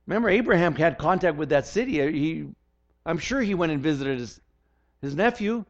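A man's voice: on the high side, animated, moderate pace. An older man preaching a sermon as pastor, earnest and often repeating words as he restarts his sentences. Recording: dull lo-fi recording.

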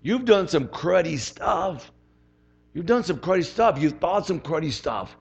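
A man's voice: a little high, lively intonation, unhurried, vocal fry. A man voicing the enemy as a nagging, condemning male voice that sows doubt.

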